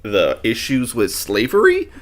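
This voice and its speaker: A man's voice: mid-range voice, wildly swooping pitch, a little slow. A man co-hosting a podcast in casual chat, giving short replies and making jokes. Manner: joking, short replies, laughs easily. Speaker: podcast co-host.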